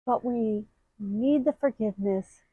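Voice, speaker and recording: Middle-aged woman, earnest and emotional grief-advice host, slow unhurried delivery, dry close sound. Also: breathy edge, dry recording, phone-quality sound. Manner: earnest, emotional, expressive, with sudden high bursts. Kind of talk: heartfelt talking-to-camera advice.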